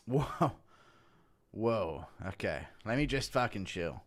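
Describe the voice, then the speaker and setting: A man's voice: fairly low pitch, big pitch swings, slow pace. A man hosting a live stream, rambling in casual chat and mocking himself while swearing freely. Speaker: streamer host.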